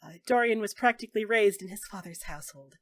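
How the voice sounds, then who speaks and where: Woman voicing a soft, weary healer woman. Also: medium pitch, fast, no room sound, close to an everyday voice. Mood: tender. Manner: soft, hushed, tender.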